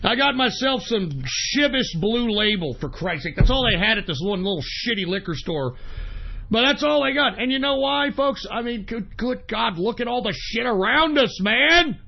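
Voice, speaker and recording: A man with an unusually high voice hosts a talk radio show in an angry, profane rant. His delivery is heated and combative. The audio is dull and lo-fi, like an old radio archive recording. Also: lively intonation, normal speed, creaky, slight background noise.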